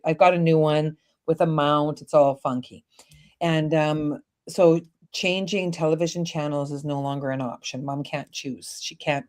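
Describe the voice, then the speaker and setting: Middle-aged female co-host with a deep, low register; candid storyteller, blunt, swears now and then. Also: dark tone. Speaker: podcast co-host. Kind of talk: casual conversation.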